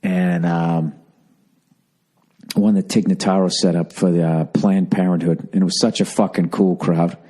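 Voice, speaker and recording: A man in his forties hosts his podcast from home, keeping his voice down while he rambles. His tone is low and mellow, with profane, sardonic asides throughout. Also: little pitch movement, unhurried, slightly rough. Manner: profane, sardonic, talking quietly. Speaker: podcast host. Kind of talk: rambling casual monologue. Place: at home, indoors.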